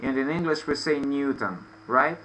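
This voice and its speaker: Slow, bright-voiced male teacher. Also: on the high side, a little hiss or hum, rough recording. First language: Russian. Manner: slow, explaining patiently with many fillers. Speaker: English teacher. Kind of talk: online lesson. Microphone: video call.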